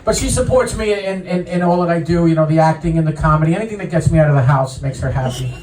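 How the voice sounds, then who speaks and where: A middle-aged man from New York doing a stand-up comedy set, telling stories in a deadpan way and pausing before each punchline. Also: fairly high pitch. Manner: deadpan storytelling with punchline pauses. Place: comedy club stage. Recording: roomy live venue, mic heard from a distance.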